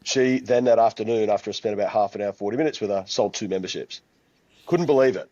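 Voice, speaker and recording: A man's voice: on the low side, fast, dark tone, no room sound, lo-fi sound. A man who owns a gym, talking in a casual podcast chat and telling stories in a confident, matter-of-fact way. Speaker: gym owner, co-host. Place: his gym.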